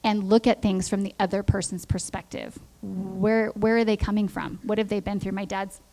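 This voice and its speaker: A woman's voice: mid-range voice, normal speed, soft background music. Middle-aged lady preaching casual-style, chatty stories, does little voices for quotes. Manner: lively storytelling, acts out quoted voices. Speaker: church speaker. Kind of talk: conversational sermon.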